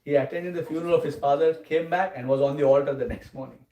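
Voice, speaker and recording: Male lecturer, mellow and fairly high voice, teaching a scripture class, recorded from a distance. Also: fairly even intonation, quick pace. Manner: often checks in with the audience with "Huh?" and "Okay?". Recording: roomy, distant mic, faint noise.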